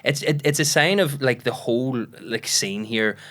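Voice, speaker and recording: A male comedian with a Northern Irish accent, telling rambling, animated stories in a casual podcast chat. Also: mid-range voice, normal speed. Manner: rambling, animated anecdotes with lots of fillers. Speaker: comedian guest.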